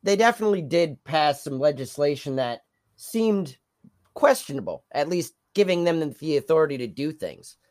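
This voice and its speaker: A man from New York with a somewhat high voice, talking bluntly on a podcast. He swears freely and keeps a plain, casual tone. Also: very animated, moderate pace, a little mellow. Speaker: podcast co-host. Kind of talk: casual chat.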